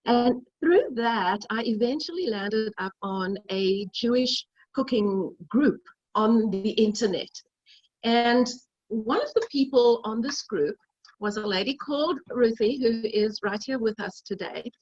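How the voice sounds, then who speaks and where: Middle-aged woman, cooking demo host on a video call: chatty storyteller, slightly high, husky, dry and dull line. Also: a little slow, a little mellow, no room sound. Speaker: cooking demonstrator.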